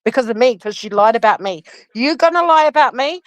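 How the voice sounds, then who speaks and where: Heated woman on stream calling people out, highish voice, dry sound. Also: expressive, brisk, no room sound, poor audio. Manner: indignant, accusing, quoting others mockingly. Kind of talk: heated livestream commentary.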